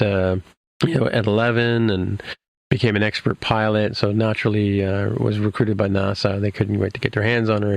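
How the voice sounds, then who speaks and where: Podcast host, male, low and gravelly, casual rambling recap with lots of ums. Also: no room sound. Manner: rambling, many fillers and restarts.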